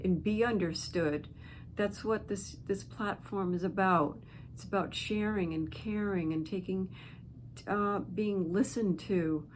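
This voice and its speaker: Woman host, unhurried and heartfelt direct-to-camera encouragement, faint background hiss. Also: medium pitch. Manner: slow, gentle and heartfelt, with pauses. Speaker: channel host.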